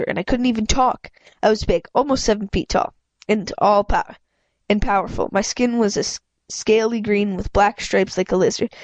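A woman's voice: medium pitch, dry recording. Stuffy-nosed woman reading a story aloud. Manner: stumbling reading with frequent restarts and asides. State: stuffed up with a cold. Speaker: amateur audiobook reader. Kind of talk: casual read-aloud narration.

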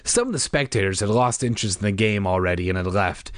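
Expressive man reading a kids' book. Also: medium pitch, brisk, few pauses, no echo, studio quality. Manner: wry asides, expressive. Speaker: reader. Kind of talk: reading a children's book aloud.

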